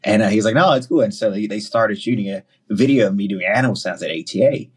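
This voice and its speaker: A husky, low-pitched man with a Southern US accent tells stories in a relaxed podcast chat. He is lively and acts out quotes in quick bursts. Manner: animated, quotes himself and others in quick bursts. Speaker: podcast guest. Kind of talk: casual storytelling chat.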